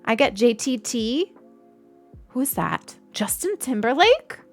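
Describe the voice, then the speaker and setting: Giggly young woman streamer, high voice. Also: very animated, slow pace, faint music behind. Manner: giggly, chatty, thanks donors. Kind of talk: casual live-stream chat.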